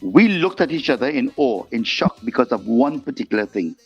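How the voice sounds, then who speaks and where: A man with a gravelly, creaky voice tells stories as a podcast guest. He acts out the voices of the people in each scene. The audio sounds dull and muffled, with faint music underneath. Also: medium pitch, brisk. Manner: animated storyteller, acts out quoted voices. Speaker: guest singer. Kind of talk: storytelling interview chat.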